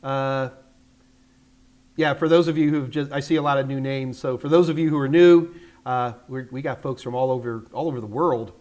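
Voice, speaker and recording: A man's voice: mid-range voice, normal speed, a little mellow. An older man from the United States hosting a live tech Q&A, rambling in a chatty, self-deprecating way. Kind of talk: casual livestream chat.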